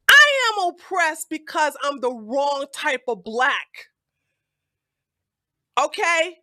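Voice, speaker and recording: A woman streams her commentary in a high, bright voice, blunt and sassy, with plenty of swearing. The sound is dry and close, with almost no room around it. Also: very animated, unhurried, no room sound. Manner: blunt, heavy cursing, rising to loud outbursts; sassy, calls listeners baby and honey.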